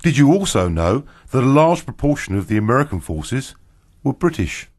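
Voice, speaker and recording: A man's voice: mid-range voice, big pitch swings, normal speed, dry recording, clean studio sound, voice pushed up. A man voicing a smug, glib American man who needles others, in a storybook reading.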